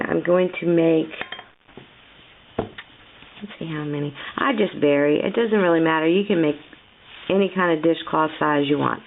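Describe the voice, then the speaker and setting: A woman walks through a crochet lesson at an easy, patient pace, chatting as she counts her stitches aloud. Her voice is heavily gravelly and fried, worn hoarse by a cold. The sound is thin and tinny, like it came over a phone. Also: deep voice. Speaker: crochet teacher. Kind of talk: step-by-step craft tutorial.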